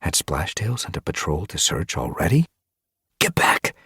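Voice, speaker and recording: A man narrating an audiobook with steady storytelling. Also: sits low, normal speed, creaky, husky, no room sound, clean studio sound. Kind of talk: scripted narration.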